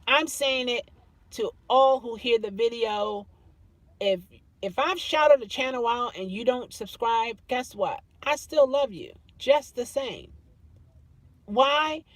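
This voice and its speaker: A woman's voice: high-pitched, expressive, slow pace, fairly bright tone, no echo. Chatty woman with a dry, close sound. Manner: chatty, laughs often, dips into playful mimicry. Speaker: YouTube vlogger. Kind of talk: casual chat reading comments.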